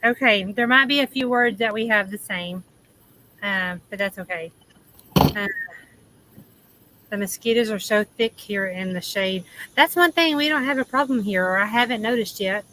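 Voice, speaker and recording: A woman's voice: medium pitch, normal speed, sharp tone, rough recording. A woman with a Southern accent hosting a casual livestream chat from outdoors, chatty and laughing, trailing off with ums. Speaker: livestream host. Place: outdoors in the shade under an awning.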